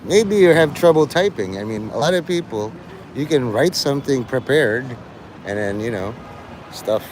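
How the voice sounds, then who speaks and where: A man's voice: medium pitch, lively intonation, moderate pace, darkish tone, a little hiss or hum. A man livestreaming, rambling and teasing his chat, breaking into mock-angry, swearing rants.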